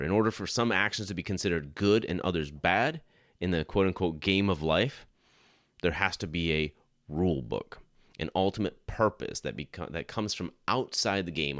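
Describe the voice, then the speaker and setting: On his Christian apologetics podcast, a middle-aged male host talks in an earnest, conversational manner, frequently starting over. He has a deep voice and a fairly bright tone, captured at studio quality without any room sound.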